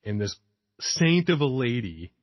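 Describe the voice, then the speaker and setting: A man co-hosting a podcast, telling sales stories in relaxed casual chat and laughing along. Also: mid-range voice, a little slow, no room sound.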